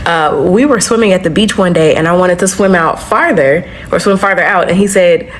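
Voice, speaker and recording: A woman's voice: lowish voice, a little fast. A woman telling a casual story in an amused, chatty way. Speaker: social media commentator.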